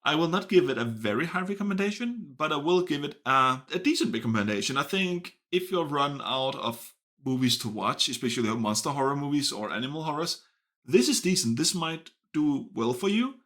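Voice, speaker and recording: A man's voice: on the high side, animated, brisk, fairly bright tone. A man giving a casual spoken film review, stopping often to restart and correct himself. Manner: hesitant, frequent restarts and self-corrections. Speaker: movie reviewer.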